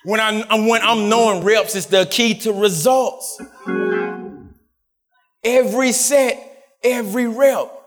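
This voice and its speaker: A man's voice: high-pitched, steady tone, slow pace, pauses often, a bit bright, long reverb tail, soft background music. A man preaching a sermon, emphatic, repeating his phrases for the congregation.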